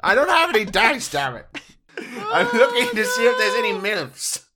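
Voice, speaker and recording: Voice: mid-range voice, huge pitch swings, moderate pace. A podcast guest voicing a bumbling old comedy wizard man over a noisy line. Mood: goofy. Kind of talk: comedic put-on voice in casual chat.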